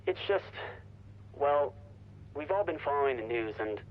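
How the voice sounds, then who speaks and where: An actor voicing a friendly but uneasy recruiter in game dialogue. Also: male voice, fairly high pitch, animated, a little slow, highs cut off. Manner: hesitant, friendly.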